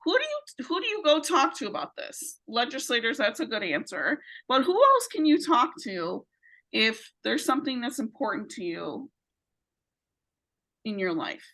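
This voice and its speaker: A woman's voice: a little high, big pitch swings, moderate pace, bright, forceful tone, low-quality recording. A woman leading a virtual training session, walking participants through questions with encouraging check-ins. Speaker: training facilitator. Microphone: video call.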